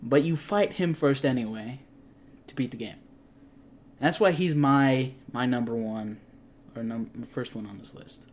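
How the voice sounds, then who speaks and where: A man's voice: medium pitch, unhurried, slight background noise. A young man co-hosting a casual gaming chat, rambling and often correcting himself mid-sentence. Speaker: co-host. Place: garage.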